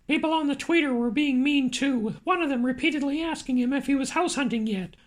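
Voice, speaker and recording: High squeaky rooster puppet narrator, man doing the impression, audiobook read. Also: fairly quick. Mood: storytelling.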